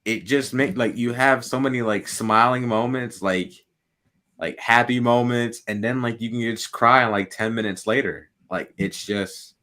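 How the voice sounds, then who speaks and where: A young man co-hosting a podcast in casual chat, excitable, saying "like" constantly and laughing often. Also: medium pitch, unhurried. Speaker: podcast co-host.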